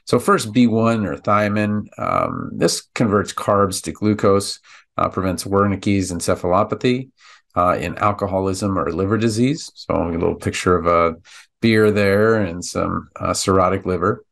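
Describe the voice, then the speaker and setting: A man hosting a pharmacology podcast, explaining slides in a relaxed, chatty way with many fillers. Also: low voice, normal speed, gravelly. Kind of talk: narrated slide lesson.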